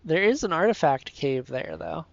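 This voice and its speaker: A man's voice: a little high, expressive, normal speed, creaky, no echo, dull audio. A man casually commenting on his gameplay, playful and a bit sleepy, chatting to his viewers and the creatures on screen. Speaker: streamer.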